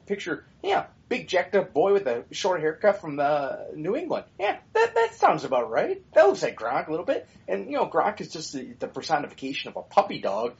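A man's voice: fairly high pitch, huge pitch swings, brisk, few pauses, muffled recording. A man co-hosting a podcast in casual, opinionated chat, blunt and swearing freely with rambling asides. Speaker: podcast co-host.

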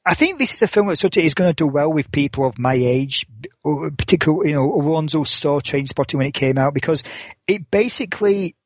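A man in his forties chats loosely as a podcast co-host, circling his point with lots of restarts and "sort of". His humor runs dry and sarcastic. The voice sits a bit high, the sound is dull and lo-fi, and the room is dead dry. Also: no echo. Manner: rambling with many restarts and "sort of" fillers. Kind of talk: casual chat.

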